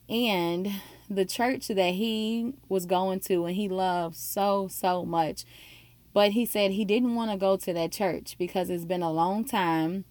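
A woman's voice: mid-range voice, a little mellow, dry recording. Earnest woman sharing a faith story. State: emotional, near tears. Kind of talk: personal faith testimony.

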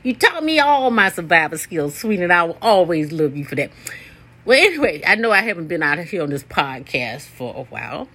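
A woman in her sixties hosting a podcast as a casual, rambling solo monologue, blunt and profane, jumping between topics and leaping up in pitch to stress a point. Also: very animated, brisk, a bit bright. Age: 60s. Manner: sudden jumps up in pitch for emphasis. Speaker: podcast host.

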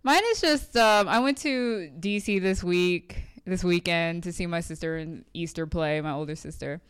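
A woman's voice: lowish voice, moderate pace, smooth. A woman co-hosting a casual chat, telling a story and mimicking people in it. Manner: expressive, mimics others in story.

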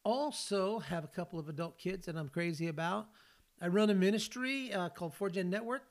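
A man's voice: high voice, brisk. A man in his sixties from California hosts a faith podcast, telling personal stories in an earnest, folksy way. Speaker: podcast host and ministry leader.

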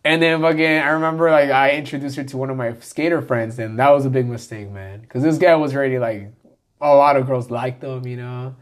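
A man's voice: mid-range voice, fairly even intonation, brisk. A man in his thirties telling a rambling, profane story in casual chat, acting out the voices of friends. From Southern California. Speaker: guest storyteller.

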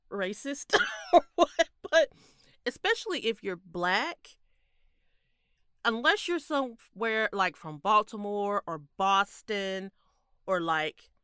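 A woman co-hosting a casual chat podcast, emphatic and quick to laugh. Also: a little high, clear, resonant tone, no echo, studio quality. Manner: animated, laughs often, emphatic. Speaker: podcast co-host.

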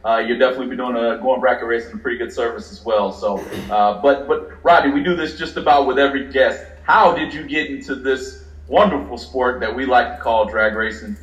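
A man's voice: medium pitch, brisk, hardly any pauses, fairly bright tone. Roomy, far-off man hosting. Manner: plugs the channel, easygoing questions. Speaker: YouTube channel host. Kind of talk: casual interview. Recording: roomy, distant mic.

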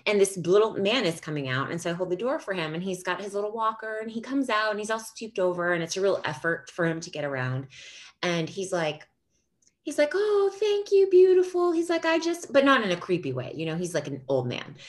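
A woman in casual chat, telling stories in a loose, animated way, laughing often and swearing freely. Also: lowish voice, fast.

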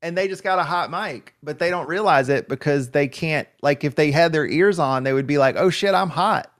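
A man's voice: on the high side, brisk. A man co-hosting a casual chat, rambling and emphatic, full of "like" and restarts. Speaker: podcast co-host.

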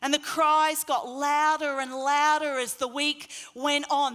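Bright-voiced woman preaching in a hall. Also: sits high, a little slow, hardly any pauses. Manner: expressive, rising to loud acted crowd cries. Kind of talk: sermon.

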